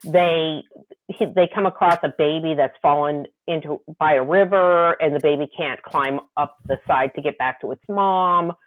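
A woman co-hosting a casual book discussion podcast, animated, laughing often and reading quotes aloud. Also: sits low, normal speed. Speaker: podcast co-host. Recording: tinny phone-like line.

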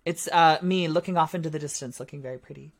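A woman's voice: deep voice, fast talker. A woman co-hosting a podcast, playful and self-deprecating in casual chat. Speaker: podcast co-host.

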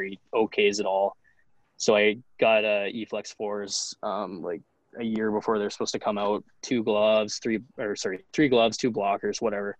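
Low-voiced young man storytelling. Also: flat delivery, normal speed, dry recording. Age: young adult. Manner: rambling, full of fillers, acts out quotes. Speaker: podcast guest, college hockey goalie. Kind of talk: casual storytelling chat.

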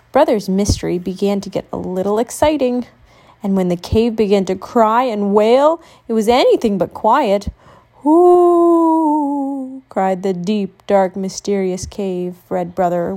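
A woman reading a children's picture book aloud, telling it in a gentle, expressive storytelling voice. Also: mid-range voice. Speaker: storybook reader.

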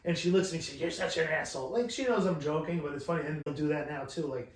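A man's voice: on the high side, fast talker. A man from New York, co-hosting a podcast, telling stories in a rambling, profane, casual way. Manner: rambling, profane, animated storytelling. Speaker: podcast co-host. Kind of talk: casual chat. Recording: roomy echo.

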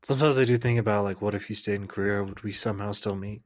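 A man's voice: fairly low pitch, steady tone, quick pace, dry recording, studio quality. A man co-hosting a podcast in casual chat, teasing his friend and laughing easily. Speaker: podcast co-host.

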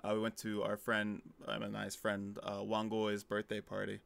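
A young man co-hosting a podcast, telling an animated story in casual chat with lots of fillers. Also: on the low side, normal speed, vocal fry. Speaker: podcast co-host.

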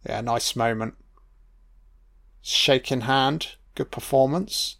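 Man, film commentator, casual, swears a lot, thinks aloud, slow pace. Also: mid-range voice. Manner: musing, profane, thinks aloud with fillers.

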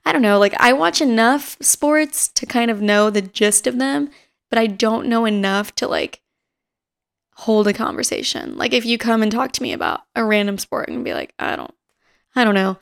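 A woman in her twenties talks casually into her podcast mic in a slightly high voice. She rambles loosely from one story to the next, filling gaps with lots of fillers and the odd laugh. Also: expressive, moderate pace, creaky, clear, resonant tone. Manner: laughs now and then while telling stories. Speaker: podcast host. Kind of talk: casual chat.

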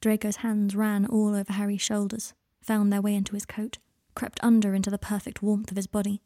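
A woman podcast host reading her fan fiction aloud in a soft, even storytelling manner. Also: mid-range voice, brisk, no room sound, studio quality.

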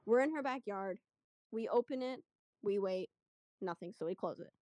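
A woman's voice: mid-range voice, normal speed, no echo. Young woman rambling thru a spooky story, quoting everyone, dry close sound. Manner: chatty, animated retelling with quoted voices. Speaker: guest storyteller. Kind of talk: casual storytelling.

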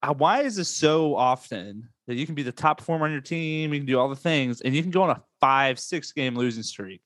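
A man's voice: brisk, no room sound. Man ranting animatedly, dry close mic. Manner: animated, swings up in pitch when ranting. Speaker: podcast host. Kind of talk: casual gaming chat.

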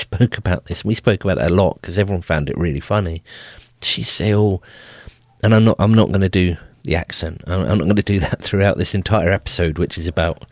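Low-voiced man telling family stories. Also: dry recording, clean studio sound. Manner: amused, laughs often, frequent restarts. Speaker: podcast host. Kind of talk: casual storytelling.

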